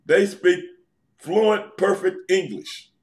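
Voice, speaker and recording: A man's voice: sits high, takes it slowly. Laid-back teasing man from New York. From New York City. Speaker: guest, former pro wrestler. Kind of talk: casual podcast interview.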